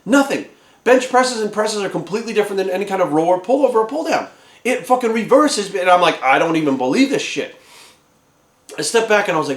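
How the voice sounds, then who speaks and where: A fitness trainer ranting angrily at the camera, swearing constantly and sounding exasperated. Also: male voice, high-pitched, animated, fast. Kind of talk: profane ranting vlog. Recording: echoey room.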